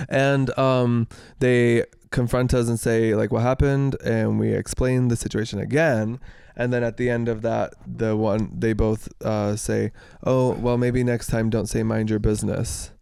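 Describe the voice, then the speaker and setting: A man's voice: medium pitch, little pitch movement, unhurried, creaky, darkish tone, smooth, no echo, studio quality. A man co-hosting a podcast, animatedly retelling a story and acting out what others said. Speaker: podcast co-host. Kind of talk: casual storytelling chat.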